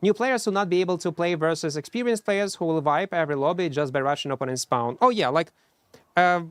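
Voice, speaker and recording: A man's voice: a little high, fast talker, clean tone, no echo. A man streaming a game, chatting casually and mocking himself, answering chat and humming between plays, in non-native English. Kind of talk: casual live-stream chat while playing.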